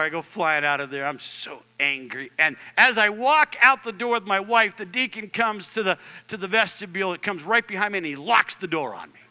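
A man in his fifties, a pastor preaching a storytelling sermon, animated and joking with the congregation, dropping from loud outbursts to hushed near-whispers. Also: on the high side, rough recording. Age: 50s. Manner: jokey asides to the congregation.

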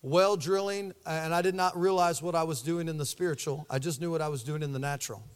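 A pastor preaching a sermon, telling the story with animated energy and acting out the voices. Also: male voice, fairly high pitch, fast talker, smooth.

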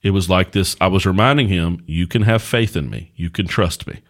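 A middle-aged man with a deep, low voice talks casually on a podcast. He tells folksy stories as a pastor and host, in a relaxed conversational way. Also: a little fast.

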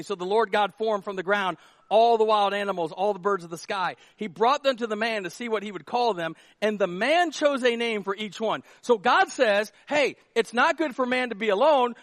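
Male pastor, high voice, dry close sound, comic, animated delivery, acts out scenes. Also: no echo. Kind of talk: sermon.

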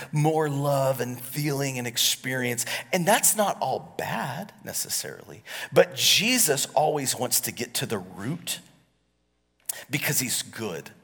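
A pastor in his forties preaching a sermon, swinging between loud, animated passages and hushed, quiet lines. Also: medium pitch, breathy edge. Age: 40s. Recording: long hall reverb.

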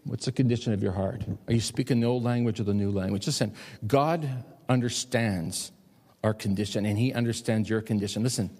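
A man's voice: fairly quick, darkish tone, slightly rough. A middle-aged man preaching a sermon in a church, emphatic and pressing his points. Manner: emphatic, rising high when pressing a point. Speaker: pastor. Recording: long hall reverb.

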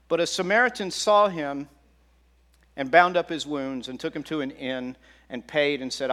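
A middle-aged pastor preaches a conversational sermon, often putting questions to the congregation. His voice sits high, with a brisk pace and a fairly bright tone.

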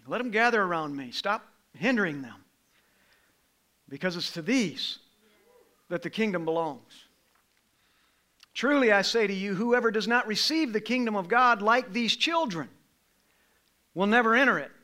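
High, bright-voiced impassioned male preacher. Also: expressive, moderate pace, long pauses. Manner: impassioned, swings from low and quiet to loud and high. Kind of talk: sermon.

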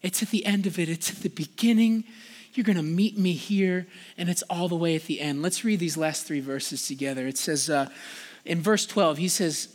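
A man preaches in a loose, conversational manner, leaning on "like" and pressing harder as he pleads his point. His voice sits high for a man. The sound carries a long reverb, as in a large church sanctuary. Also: moderate pace. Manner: casual, conversational preaching with frequent "like"; passionate, rising in pitch and volume when pleading. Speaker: pastor. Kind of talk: sermon.

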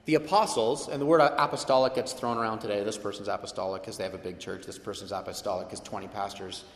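Animated male preacher in an echoing hall. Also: lowish voice, fast. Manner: animated, conversational, quoting with shifting intensity. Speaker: pastor. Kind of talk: sermon. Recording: echoey hall with long reverb.

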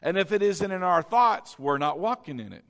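High-pitched pastor guy preaching, punchy and repetitive, big church reverb. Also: expressive, normal speed, vocal fry, a bit bright. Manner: emphatic, repeats questions and has the congregation repeat lines. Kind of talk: sermon.

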